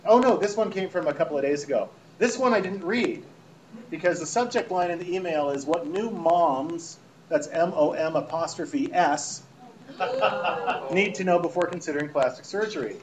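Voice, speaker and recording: A man's voice: on the high side, moderate pace, rough recording. A man hosting a radio show, sarcastically reading out press releases to a live audience and mocking them. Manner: sarcastic, mocking, breaks into laughter. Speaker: radio host. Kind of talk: comedic live show talk, reading emails aloud.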